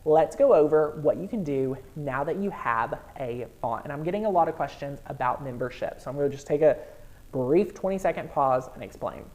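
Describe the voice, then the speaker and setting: Lady teaching crafting software live, low mellow voice, bubbly and chatty. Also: brisk. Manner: bubbly, excitable, greets chat viewers. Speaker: host of a live crafting tutorial. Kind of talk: live-stream software tutorial.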